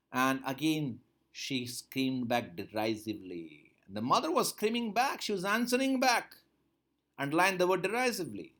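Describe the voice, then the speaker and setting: A man's voice: medium pitch, big pitch swings, normal speed, a bit bright. A man teaching a textbook story, reading each line aloud and then repeating and explaining it. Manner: reads a line, then repeats and paraphrases it with rising emphasis. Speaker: English teacher.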